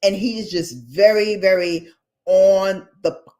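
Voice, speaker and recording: A woman's voice: mid-range voice, fairly even intonation, measured pace, a little mellow. A woman vlogger in casual, gossipy chat, talking straight to her viewers with playful asides. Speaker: beauty vlogger.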